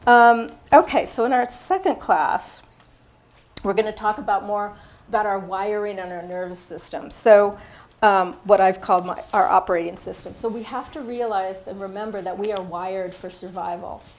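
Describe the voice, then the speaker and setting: An older woman in her sixties teaches a workshop in a casual, unguarded way. Her voice sits at a middle pitch as she shares personal stories, pausing often on small fillers. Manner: candid, personal storytelling with fillers. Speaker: workshop instructor.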